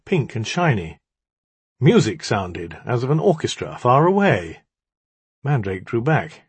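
A man reading an audiobook in an expressive, even-paced scripted narration. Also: on the low side, husky, no echo.

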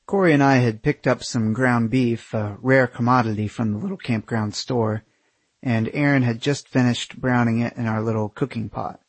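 Husky man narrating a memoir. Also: mid-range voice, fairly even intonation, normal speed, no echo. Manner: wry, candid, casual swearing. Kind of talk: first-person memoir narration.

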